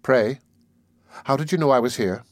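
A man's voice: mid-range voice, moderate pace, no room sound, studio quality, close to an everyday voice. A man reading an audiobook, voicing a polite, composed young woman in his own natural voice. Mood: calm. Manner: courteous, calm. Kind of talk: audiobook character voice.

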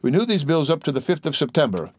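A man voicing a stern English creditor who talks calmly and in a businesslike way. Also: a little high, slightly rough, no echo, studio quality, pitched above the performer's own voice. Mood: measured. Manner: calm, measured, businesslike.

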